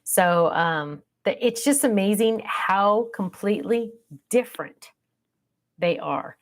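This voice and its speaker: A woman's voice: mid-range voice, lively intonation, takes it slowly. Chatty middle-aged woman, livestream host. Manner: chatty, rambling, reads viewer comments aloud. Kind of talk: casual livestream chat.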